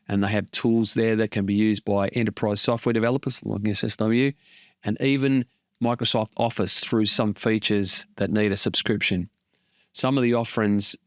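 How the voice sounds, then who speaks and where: A man's voice: mid-range voice, smooth, no echo, studio quality. A man hosting a casual tech explainer, plain-spoken and lightly joking as he walks through tools. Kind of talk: casual tutorial narration.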